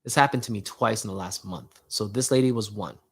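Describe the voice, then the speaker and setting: A man hosting his own show, telling a casual spiritual story in a slangy, animated way and acting out both sides of a conversation. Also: on the low side, fairly quick, slightly rough. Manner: casual slangy talk, many "like" and "yo" fillers. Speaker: host.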